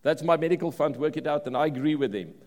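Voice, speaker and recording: A man with a South African accent preaching a sermon in an animated way, often repeating words and restarting phrases. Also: a little high, quick pace. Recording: long reverb of a large hall.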